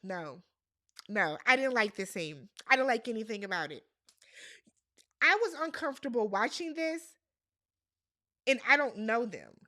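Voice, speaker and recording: A woman's voice: fairly high pitch, expressive, a little slow, long pauses, sharp tone. A woman doing a casual, exasperated recap of a reality TV episode and talking straight to the people on screen. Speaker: recap host.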